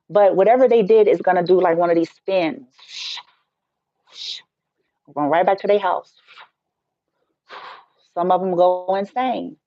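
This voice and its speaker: A woman's voice: medium pitch, dry recording. Blunt, profane woman ranting on a stream. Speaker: Reiki healer and spiritual teacher. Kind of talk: casual live-stream rant. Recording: dull, dry lo-fi sound.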